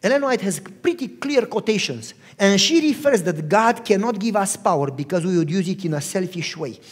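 A man's voice: sits high, normal speed, slightly rough. A man preaching a sermon as a pastor, telling stories and putting questions to his listeners. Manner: animated storyteller, asks the audience questions. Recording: long hall reverb.

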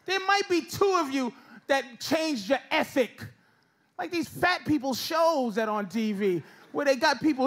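A man doing a loud, animated stand-up set, jumping into shouted put-on voices. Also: very high-pitched, unhurried. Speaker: stand-up comedian. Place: comedy club stage before a laughing crowd. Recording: live club recording, loud crowd and noise. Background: audience laughter.

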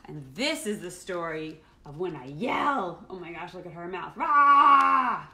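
Animated woman reading a picture book aloud to kids. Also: on the low side, moderate pace. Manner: animated and playful, acting out feelings. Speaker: children's musician hosting a livestream. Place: at home, live streaming.

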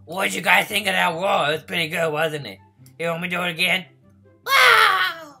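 A man voicing a lonely, needy baby male dinosaur in a game role-play, whiny and begging for friends, breathy and childlike. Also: high voice, fairly even intonation, fast talker, soft background music, full character voice. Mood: playful. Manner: whiny, begging for friends, turning to frantic yelling when chased. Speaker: gaming video host.

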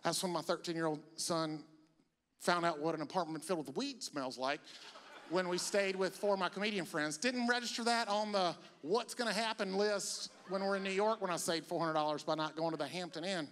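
A middle-aged man from South Carolina, telling stories in a stand-up comedy set. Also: fairly quick. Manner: storytelling, jumps into loud high-pitched voices for bits. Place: comedy venue on stage. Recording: live stage with long hall reverb.

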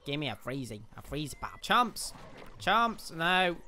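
A man giving excitable gameplay commentary as a YouTuber, exclaiming and laughing often. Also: a little high, measured pace. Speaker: gaming YouTuber.

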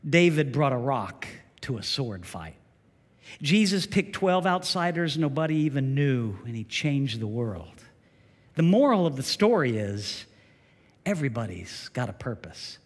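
Emphatic preacher in an echoing church. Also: male voice, mid-range voice, unhurried. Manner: emphatic, animated preaching with repeated phrases. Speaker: pastor. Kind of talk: sermon. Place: church sanctuary.

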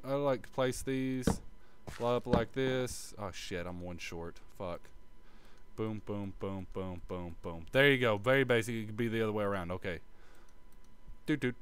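A man talks his way through a casual building-game tutorial in a mid-range voice. He mutters to himself, curses at small mishaps and fills pauses with hummed sound effects. His tone is offhand and self-mocking, with a faint hiss behind him. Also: medium pitch. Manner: mutters, swears, and hums sound effects while playing. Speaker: gaming video creator. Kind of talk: casual gameplay tutorial commentary.

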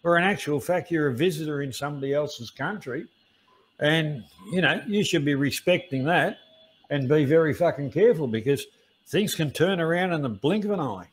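A man's voice: fairly high pitch, animated, normal speed, husky. A man scolding someone in a heated rant on a live stream, stumbling over his words and swearing often.

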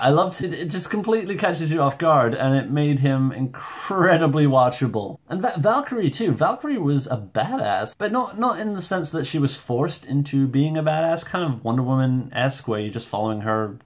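A man reviewing a movie in a casual vlog at home, rambling, excitable and self-deprecating. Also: fairly high pitch, normal speed, hardly any pauses. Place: home room with shelves.

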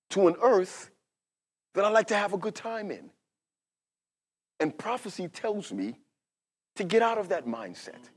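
A pastor in his fifties delivering a sermon in a slightly raised, conversational voice. He drops to near whispers, then climbs to loud, fervent emphasis, and often restarts his sentences as he speaks. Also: high-pitched. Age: 50s. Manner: conversational preaching, swinging from hushed to loud and emphatic.

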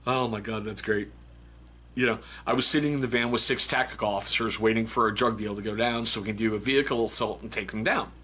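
Guy doing a chatty book review vlog, bright husky voice, keeps cracking up. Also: fairly low pitch, fairly even intonation, fast talker. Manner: laughs often, reads excerpts aloud. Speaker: book review channel host.

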